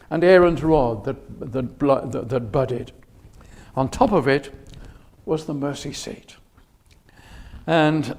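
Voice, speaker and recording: A man preaching a sermon in a chapel, measured and unhurried, often hesitating with fillers and restarts. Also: a little high, vocal fry, darkish tone.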